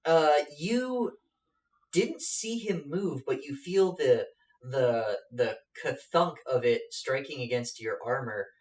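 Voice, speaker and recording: A man narrating a tabletop game as game master, halting and filling pauses with lots of fillers. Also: medium pitch, animated, a little mellow, recorded from a distance. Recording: echoey room, off-mic.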